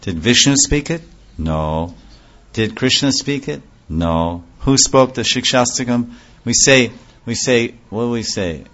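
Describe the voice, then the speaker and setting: A man's voice: medium pitch, animated, measured pace, fairly bright tone, dull audio. A man giving a devotional lecture in a conversational way, asking rhetorical questions and answering them himself. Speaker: religious speaker.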